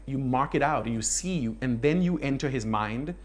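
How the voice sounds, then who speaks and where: A man's voice: mid-range voice, normal speed. Man demonstrating verse rhythm. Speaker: actor explaining verse. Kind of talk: explanatory interview.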